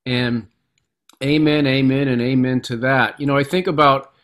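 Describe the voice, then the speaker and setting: A middle-aged man talking at an ordinary mid pitch, reflective and unhurried. He tells stories as a guest author, often doubling words while he finds his thought. His speech has the rhythm of a relaxed conversation. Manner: reflective storyteller, repeats words as he gathers thoughts. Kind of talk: conversational interview.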